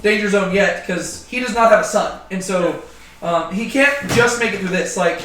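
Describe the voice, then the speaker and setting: A man leads a casual group Bible study, chatty and joking, with plenty of ums and likes. His voice is high-pitched and a bit bright at a normal speed, picked up by a distant mic in a roomy space.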